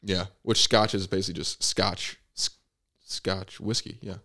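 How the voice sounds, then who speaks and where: A man's voice: deep voice, little pitch movement, unhurried, gravelly, pushed and bright. A young man hosting a podcast, chatting casually and rambling, with lots of fillers and swearing. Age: young adult. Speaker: podcast host. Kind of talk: casual chat.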